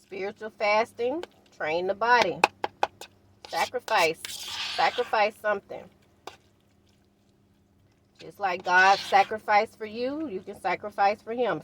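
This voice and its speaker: An older woman talking casually to her viewers while cooking in her van, unhurried and encouraging. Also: mid-range voice, noisy background. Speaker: van life vlogger. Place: inside a parked van.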